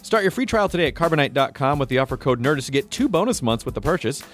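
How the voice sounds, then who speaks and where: A male podcast host who rambles and jokes, stumbling through quick restarts. His voice sits a little high for a man, with soft music underneath. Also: big pitch swings. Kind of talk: casual chat and live-read ad.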